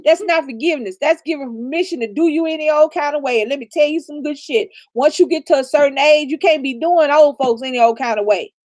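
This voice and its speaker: A woman's voice: sits high, fast talker, few pauses, a little mellow, dry recording, studio quality. A woman giving blunt, profane relationship advice in a casual live chat, laughing often. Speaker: livestream co-host.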